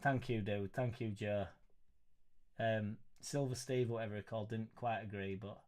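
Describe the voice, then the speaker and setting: A young man hosting a live football reaction stream, reading viewer messages in an excitable, sweary, joking way. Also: on the low side, normal speed. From Leeds, England. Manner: excitable, sweary, banter-filled. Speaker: football fan channel host.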